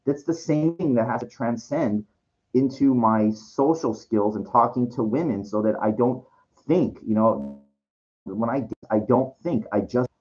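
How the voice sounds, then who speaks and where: A man's voice: mid-range voice, unhurried, a little mellow, highs cut off. A man rambling in a frustrated monologue vlog, repeating himself and restarting his sentences. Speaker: vlogger.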